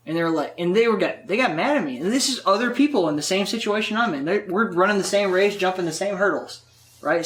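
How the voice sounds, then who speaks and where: A man in casual conversation, telling stories in a profane, animated way full of filler words. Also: sits high, fairly quick. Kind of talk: casual chat.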